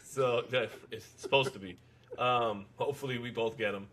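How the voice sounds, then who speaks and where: Bright-voiced man talking boxing. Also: mid-range voice, normal speed. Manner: rambling, laughing, doing loud announcer impressions. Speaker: podcast host. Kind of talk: casual boxing talk.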